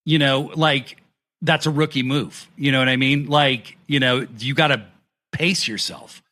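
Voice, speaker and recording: A man co-hosting a wrestling review podcast, talking excitedly and swearing freely as he recaps matches and acts out the wrestlers' lines. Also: medium pitch, a little slow. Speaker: podcast co-host. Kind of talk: casual wrestling review chat.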